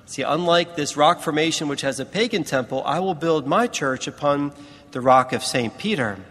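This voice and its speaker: A man preaching a sermon in a large church, teaching in a slow, deliberate way with emphatic pauses. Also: a little high, fairly bright tone, in a large hall.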